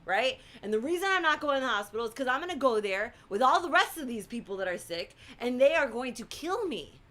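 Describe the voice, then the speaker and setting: A bright, forceful voice of a middle-aged woman, co-hosting a casual live stream. She tells a personal story with lots of energy and acts out other people's lines as she goes. Her voice sits a little high for a woman. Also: brisk. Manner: animated storytelling, acts out quotes. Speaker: co-host.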